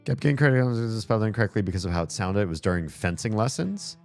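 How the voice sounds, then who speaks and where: A man's voice: on the low side, expressive, fast, vocal fry, a little mellow. A man streaming a game, chatting casually and rambling aloud with plenty of fillers, with faint game music behind him. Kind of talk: casual gameplay commentary chat.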